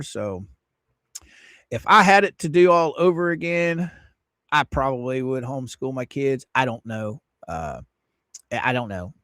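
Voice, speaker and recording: Slow-talking man greeting his chat. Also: on the high side, fairly bright tone, no echo, clean studio sound. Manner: greets chat viewers by name, teasing and sarcastic. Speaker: livestream host. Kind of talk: casual livestream chat.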